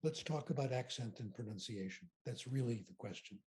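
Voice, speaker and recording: An older man speaking as a keynote speaker, answering audience questions with unhurried, emphatic storytelling. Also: medium pitch, lively intonation, a little mellow, husky.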